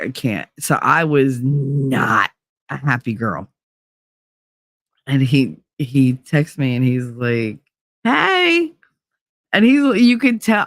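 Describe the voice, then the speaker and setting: A woman hosting a livestream, chatting casually with her viewers, animated, swearing freely and laughing often. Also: low voice, no room sound, studio quality. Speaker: livestream host.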